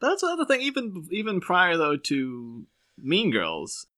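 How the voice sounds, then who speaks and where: A chatty man in his thirties with a softened Irish accent mixed with English tones. His voice is bright and forward, and he keeps slipping into playful quoted lines and laughing as he talks podcast-style. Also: sits high, wildly swooping pitch, unhurried. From Ireland. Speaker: podcast co-host. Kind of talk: casual podcast chat.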